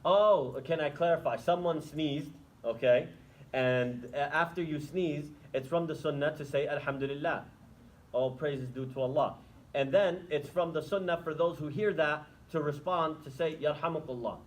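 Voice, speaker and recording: A man's voice: on the high side, moderate pace, rough recording. A man giving an Islamic lecture to students, talking conversationally and asking the audience rhetorical questions, then taking questions. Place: lecture room.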